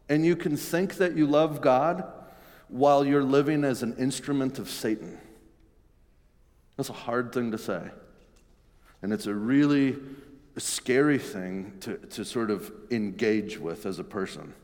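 A man's voice: medium pitch, a little slow, a little mellow. A pastor giving a sermon in an earnest, conversational way, often restarting his phrases. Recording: long reverb in a large hall.

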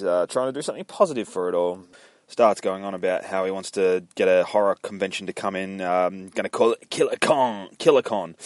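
A man's voice: deep voice, a little mellow, no echo, studio quality. A young man casually retelling a comic book story in a loose, rambling, profane way.

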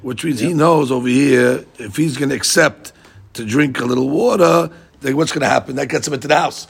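In a class on Talmud, a man explains the text energetically and performs each side of the argument in quotes. His medium-pitched voice has vocal fry and slight roughness, and he talks fairly quickly.

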